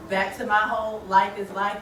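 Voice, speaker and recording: A woman's voice: medium pitch, little pitch movement, moderate pace, fairly bright tone. A woman facilitating a workshop, engaging the group and checking in often as she talks. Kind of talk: interactive training talk. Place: training room. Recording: echoey room, distant mic, faint noise.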